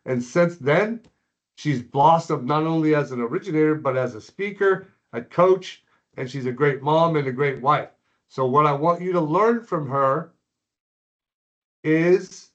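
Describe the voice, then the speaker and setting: A man's voice: fairly high pitch, muffled recording. A man hosting a sales coaching session for lenders, introducing a guest coach in an encouraging, conversational way.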